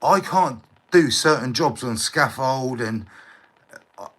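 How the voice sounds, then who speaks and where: A man's voice: medium pitch, lively intonation, slow pace, a bit bright, slightly rough, poor audio. A middle-aged man talking on a live stream, in a heated rant that is full of swearing, repeated words and asks for agreement. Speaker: livestreamer. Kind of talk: ranting live stream monologue.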